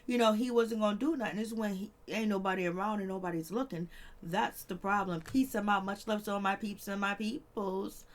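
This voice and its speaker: A woman with talks through a reality TV episode in a loose, chatty way. She laughs a lot and slips into lively voices when quoting people. Her voice sits in a middle pitch. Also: brisk. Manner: chatty, laughing, acts out quotes in animated voices. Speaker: reality TV recap host. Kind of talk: casual recap commentary.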